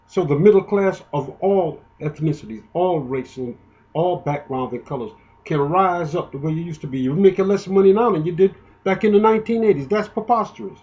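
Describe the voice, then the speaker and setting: A man's voice: high voice, brisk, mellow, dull audio. A man giving an indignant, emotional, rambling political monologue, often restarting his sentences. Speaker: political commentator.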